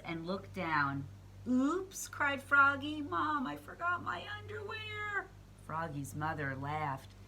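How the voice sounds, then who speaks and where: Brief: bright-voiced woman storyteller, unhurried, lively delivery for small kids. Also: medium pitch, a little hiss or hum, poor audio. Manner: expressive, playful, chats to young listeners. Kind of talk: storybook read-aloud.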